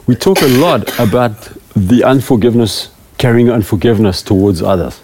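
A man's voice: medium pitch, moderate pace, hardly any pauses, darkish tone. A middle-aged man, a preaching elder, giving a rambling, self-deprecating talk to a small group of church leaders. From South Africa.

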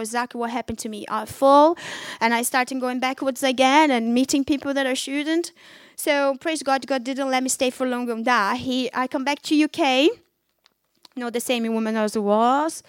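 Woman sharing her testimony to young folks, urgent preachy tone, kinda high pitched, non-native english. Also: steady tone, normal speed, dry recording. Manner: fervent and exhorting, with non-native English grammar. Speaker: speaker giving her testimony.

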